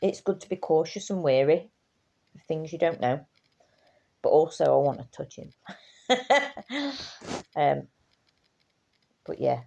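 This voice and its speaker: A woman's voice: low voice, animated, slow, vocal fry, long pauses, mellow. A tired woman, rambling in casual chat to her camera and swearing freely. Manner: chatty, swears casually, trails off and restarts. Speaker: vlogger.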